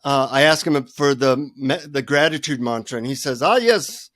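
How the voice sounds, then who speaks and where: Man telling a lively story, dry sound. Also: mid-range voice, normal speed, no echo. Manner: animated, humorous storyteller. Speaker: guest author. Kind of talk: storytelling in an interview.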